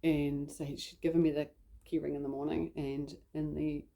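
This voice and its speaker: Woman, New Zealand accent, low voice, warm dark tone, chatty vlog storytelling. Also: flat delivery, normal speed, vocal fry. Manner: chatty, rambling, heavy use of "like". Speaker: vlogger. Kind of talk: casual personal storytelling.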